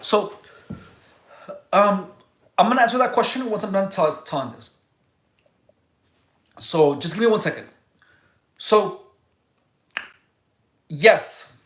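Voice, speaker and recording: A livestream host talking casually and answering viewers' chat, rambling and halting, restarting sentences and searching for words. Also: mid-range voice, expressive, reverberant.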